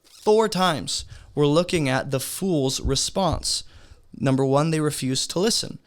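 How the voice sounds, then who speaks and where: A man teaching a beginner's Bible study lesson in a relaxed, conversational way, asking his listeners rhetorical questions. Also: fairly high pitch, unhurried.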